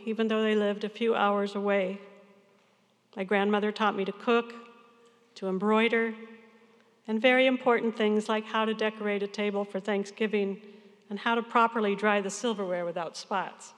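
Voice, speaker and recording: A woman in her sixties, a pastor, giving an earnest, measured sermon to her congregation. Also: mid-range voice, fairly even intonation, long reverb tail. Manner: earnest, measured farewell address.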